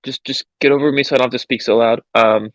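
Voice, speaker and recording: A man's voice: medium pitch, fairly even intonation, fast talker, no room sound, poor audio. A man playing a tabletop game, hesitant and stammering, with the odd swear. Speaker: player. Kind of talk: casual tabletop play.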